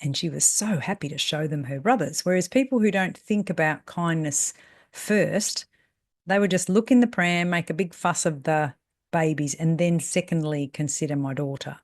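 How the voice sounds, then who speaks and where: A woman's voice: sits low, normal speed, dry recording, clean studio sound. A woman, a salon mentor telling personal stories in a rambling, chatty way. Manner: chatty, rambling, with fillers and self-corrections; acts out voices in quoted speech. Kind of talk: casual storytelling monologue.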